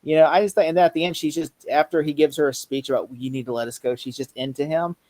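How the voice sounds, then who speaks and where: A man talking quickly in a lively, casual movie chat. His voice sits a bit higher than most men's. He retells scenes and loops back over his own phrases as he goes. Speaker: podcast co-host.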